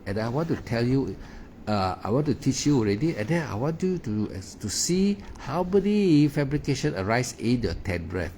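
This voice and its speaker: A man's voice: medium pitch, big pitch swings, moderate pace, a little mellow, slight background noise. A man teaching meditation in a Dharma talk, in broken English with many "ah" fillers and repeated words. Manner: non-native English grammar.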